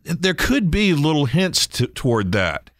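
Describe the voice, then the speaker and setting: A man hosting a radio show, chatting casually and telling animated stories. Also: fairly high pitch, a little slow, no room sound, studio quality. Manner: storytelling, animated in anecdotes.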